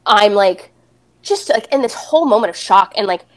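A woman's voice: mid-range voice, expressive, normal speed, a bit bright. A young adult woman, a podcast guest, candidly retelling a personal story and acting out the dialogue.

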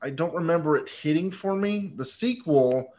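A man's voice: a little high, animated, normal speed, a little mellow. A man co-hosting a casual movie podcast, rambling and joking, swearing freely. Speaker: podcast co-host.

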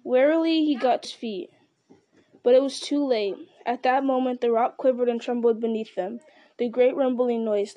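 A woman reading a fantasy novel aloud in a steady, measured voice, with the odd slip and restart. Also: on the high side, no echo. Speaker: audiobook reader. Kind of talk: storybook narration.

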